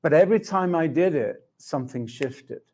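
A man's voice: on the high side, expressive, moderate pace, dark tone. A middle-aged man sharing a personal testimony in conversation, reflective and laughing often as he acts out his dialogues with God. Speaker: Christian speaker.

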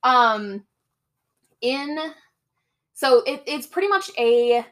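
A woman's voice: on the high side, expressive, extremely slow, fairly bright tone. A young woman co-hosting a podcast, chatting casually as she retells a movie's plot and acts out the characters' lines. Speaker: podcast co-host. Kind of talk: casual chat recapping a movie.

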